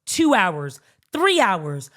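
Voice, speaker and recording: A young woman, casually commenting on a reality show, animated and acting out people in raised voices with frequent laughs. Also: medium pitch, very slow. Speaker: commentary host.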